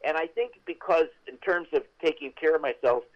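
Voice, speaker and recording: An older man, a veteran actor, telling stories as an interview guest in a chatty, animated way with many restarts. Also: a little high, fairly quick, lo-fi sound. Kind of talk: interview storytelling.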